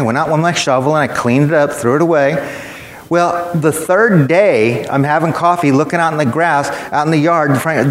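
A man's voice: a little high, echoey room, big-room sound. A man preaching a sermon in a church, emphatic and matter-of-fact, telling stories to make his point.

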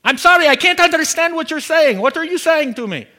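A man's voice: extremely high pitch, expressive, fairly quick, pushed and bright, pitched above the performer's own voice, full character voice. A man voicing a polite, eager male prayer minister answering a phone line, in a raised, chirpy tone. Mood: politely puzzled.

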